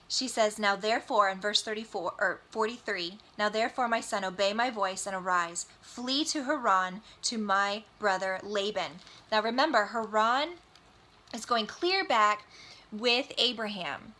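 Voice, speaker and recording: A woman's voice: medium pitch, measured pace, pushed and bright. A woman giving a casual Bible study lesson, reading scripture aloud and explaining it in plain, everyday words. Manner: conversational, reads scripture aloud then explains it in plain slang. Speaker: Bible teacher.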